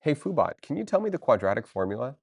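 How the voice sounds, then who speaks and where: A woman chatting casually with her viewers on a live stream, excitable and playful, talking straight to chat. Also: very deep voice, fast talker, creaky, slightly rough. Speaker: livestreamer.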